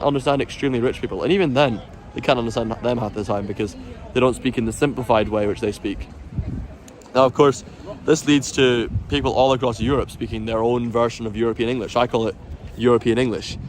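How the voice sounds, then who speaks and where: Man, mid-pitched voice, opinionated rambling vlog, faint traffic behind. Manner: opinionated, rambling, laughs at himself. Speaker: bagpiper vlogger. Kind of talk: casual opinionated talk to camera.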